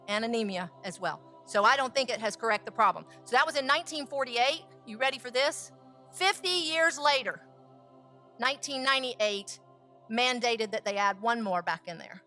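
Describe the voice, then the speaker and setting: A woman, a food scientist and baker, telling a lively story and acting out the voices of the people in it. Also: a little high, moderate pace, soft background music. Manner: lively, acts out quoted dialogue. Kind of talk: storytelling talk.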